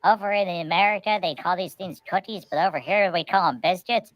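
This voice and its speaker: A man's voice: sits high, fairly quick, dry recording, lo-fi sound. A man co-hosting a casual podcast chat, telling rambling comic stories full of hesitations. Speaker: podcast co-host.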